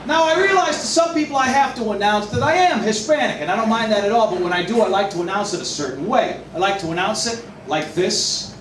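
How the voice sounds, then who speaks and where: A man doing a stand-up comedy set in a restaurant, with self-deprecating, animated delivery. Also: high voice, quick pace, hardly any pauses. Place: restaurant, indoors. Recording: echoey room, distant mic, noisy.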